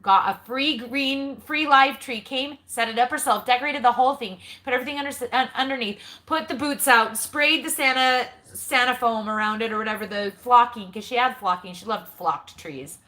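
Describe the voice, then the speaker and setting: A woman's voice: fairly high pitch, normal speed, hardly any pauses, bright, forceful tone. A woman in her forties hosting a live question-and-answer stream with her kids. She talks casually and tells long family stories. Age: 40s. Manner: chatty storyteller, reads viewer comments aloud. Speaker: host, homeschooling mother. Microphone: live stream camera mic.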